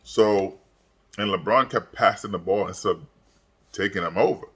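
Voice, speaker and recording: A man's voice: sits low, moderate pace, a bit bright, breathy edge. A tired young man, yawning late at night, rambling through a casual sports recap with lots of fillers and repeated words. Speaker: sports vlogger. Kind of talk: casual sports commentary vlog.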